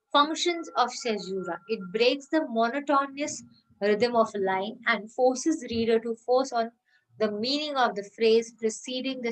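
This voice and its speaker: A woman with an Indian English accent teaching a recorded college English lesson, explaining step by step and reading verse lines slowly. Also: on the high side, poor audio. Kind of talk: recorded online lecture.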